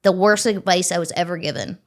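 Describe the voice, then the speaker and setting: A woman in her thirties, a farmer talking as an interview guest in an animated, chatty way, swearing casually and acting out bits of dialogue. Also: lowish voice, a little fast. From Ontario, Canada.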